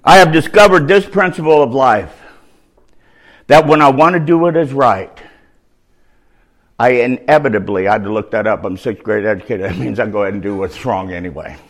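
A man preaching a sermon in slangy street talk, swinging from shouts down to near-whispers. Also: medium pitch, normal speed. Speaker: preacher giving testimony.

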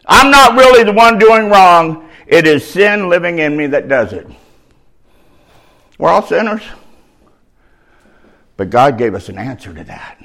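Brief: a fiery preacher, lively and wide-ranging pitch, slangy, shouts then drops to a hush. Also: male voice, creaky. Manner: animated, swinging from shouts to near-whispers; slangy, street-talk phrasing. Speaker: preacher giving testimony. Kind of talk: sermon.

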